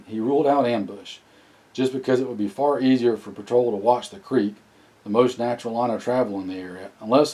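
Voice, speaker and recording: A man reading a novel aloud as narrator, often clearing his throat. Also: lowish voice, dark tone, low-quality recording. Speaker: audiobook narrator.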